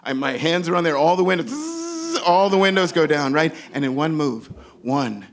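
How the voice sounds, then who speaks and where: A man from New York, his voice a little high and his delivery a little fast, entertains a live audience with a funny personal story. He's animated and slips into the voices of the people he describes.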